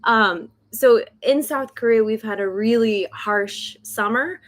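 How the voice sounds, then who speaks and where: A young woman with a slightly high voice chats nervously to viewers on a livestream from home. She laughs often and talks in a loose, friendly way. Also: slow, a little hiss or hum. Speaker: host of a decluttering channel, author. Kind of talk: casual livestream chat. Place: home in South Korea.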